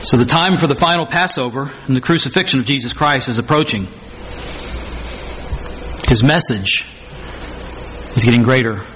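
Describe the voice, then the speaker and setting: Bright-voiced male preacher, emphatic. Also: mid-range voice, normal speed, long pauses, slight background noise. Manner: emphatic, repeats phrases for stress; acts out scripture quotes dramatically. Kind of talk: sermon.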